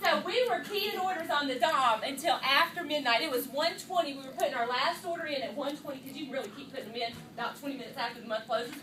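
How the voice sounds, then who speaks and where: A woman giving a lively, chatty motivational talk to her team at a meeting, calling them y'all. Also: high voice, quick pace, few pauses, reverberant, far from the mic, noisy background. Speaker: sales director speaking to her team. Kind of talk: motivational talk to a live audience. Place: meeting room with an audience.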